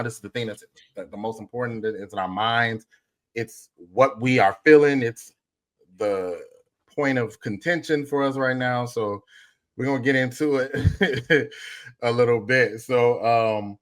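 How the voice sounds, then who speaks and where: A man co-hosting a podcast in casual chat, loose and rambling with many fillers. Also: medium pitch. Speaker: podcast co-host.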